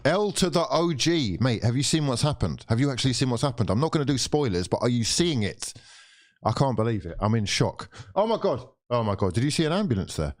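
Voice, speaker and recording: Excitable man reacting to football. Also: medium pitch, fairly quick. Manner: excitable, swearing, sighs and mock despair. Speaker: streamer hosting a football watchalong. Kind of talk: live match reaction and commentary.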